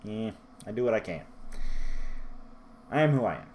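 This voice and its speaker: Guy doing a chill book review vlog, kinda low voice, rambly and jokes at himself. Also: sing-song, moderate pace, a little mellow, a little hiss or hum. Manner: rambling, self-deprecating, loses his place in his notes.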